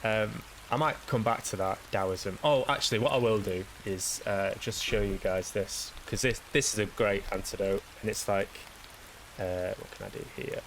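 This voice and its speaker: A man's voice: fairly low pitch, normal speed, hardly any pauses, a little hiss or hum, poor audio. A man hosting a solo podcast, rambling through a casual monologue in a self-deprecating, sweary way. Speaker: podcast host.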